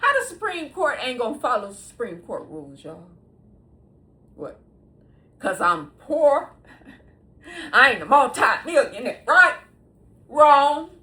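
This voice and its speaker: A woman's voice: high voice, slow, pauses often. A woman in her sixties hosting her own show, talking straight to viewers in a casual monologue and laughing often between sentences. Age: 60s. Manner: talks straight to viewers, animated and emphatic. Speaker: host.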